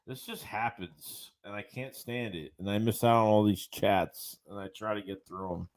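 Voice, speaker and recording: A man's voice: lowish voice, fairly even intonation, moderate pace. A man hosting a late-night sports livestream, ranting about his team and reading viewer chats aloud in a casual way. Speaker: livestream host.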